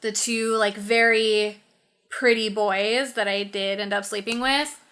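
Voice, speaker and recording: A woman's voice: mid-range voice, fairly even intonation, measured pace, a bit bright. A woman on a casual podcast, talking candidly with crude humor and a lot of hesitant fillers. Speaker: podcast co-host.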